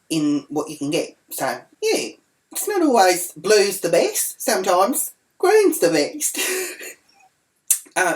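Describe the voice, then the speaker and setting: A woman with an Australian accent telling a crude, rambling comic story in a brash, foul-mouthed manner. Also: low voice. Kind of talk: comic rant monologue.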